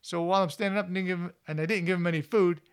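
A man's voice: high voice, fairly even intonation, very fast, smooth. A man who hosts an outdoor show, telling wildlife anecdotes in a casual, rambling way with plenty of fillers. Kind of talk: anecdotal storytelling.

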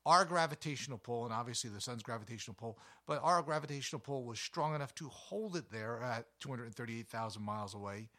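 A man hosting a casual educational show, explaining science with jokes, quick self-corrections and rhetorical questions to the listener. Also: mid-range voice. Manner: jokey, self-correcting, lively teacher tone. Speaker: host of an educational podcast.

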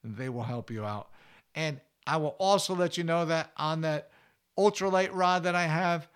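A man's voice: fairly high pitch, moderate pace, clean tone. A man hosting a fishing show, giving casual advice in a chatty, folksy way with anecdotes. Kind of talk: casual instructional talk.

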